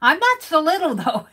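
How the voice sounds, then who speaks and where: Bright, lively woman streaming her crafting. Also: high voice. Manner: chatty, talks to viewers by name, sounds out words playfully. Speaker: live-streaming artist. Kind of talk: casual live-stream chat while crafting.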